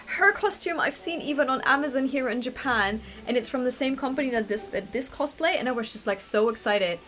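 A woman's voice: sits high, fairly quick. A woman from Germany, gushing through live game commentary and reading the dialogue aloud. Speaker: streamer. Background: game music.

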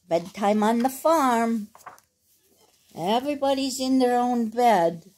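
A woman's voice: on the high side, darkish tone. A woman reading a bedtime picture book aloud at home, stopping for chatty asides to her dog. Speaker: reader of a children's picture book.

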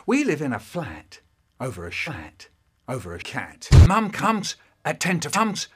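A man telling a comic story in a slow, drawn-out way with a very husky voice. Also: a little high, wildly swooping pitch.

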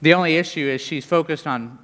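Animated preaching man, echoing church. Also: fairly quick. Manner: animated preaching with wide swings in pitch and volume. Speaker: pastor. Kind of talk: sermon. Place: large church sanctuary. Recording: long hall reverb.

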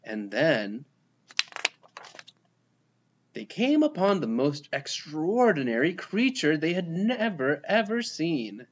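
Lively man reading a picture book. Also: fairly high pitch, slow pace, long pauses, dull audio, background noise. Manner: lively, expressive reading with voiced characters. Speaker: storybook reader. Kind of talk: children's picture book read-aloud.

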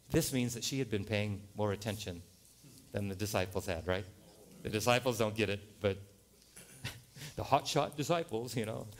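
A male pastor preaching a sermon in a church, animated and joking, jumping to loud punchlines. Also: lowish voice, moderate pace, pauses often. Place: church sanctuary.

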